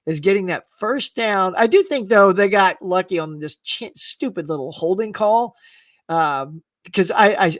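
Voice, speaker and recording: A middle-aged man hosting a live stream, chatting casually with viewers in a rambling, animated way and laughing often. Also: high voice, no echo, distant mic. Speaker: live-stream host answering chat. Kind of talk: casual chat.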